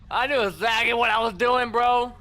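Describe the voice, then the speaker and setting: Excitable high-voiced young gamer guy. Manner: excitable, swears, frequent "bro" and "dude". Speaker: gaming streamer. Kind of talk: casual gameplay commentary.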